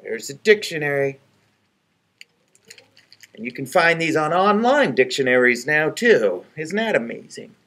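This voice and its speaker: A man reads a picture book aloud for children at a library storytime. His voice is high and bright, unhurried, and rises and falls expressively as he adds gentle asides. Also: sing-song, husky.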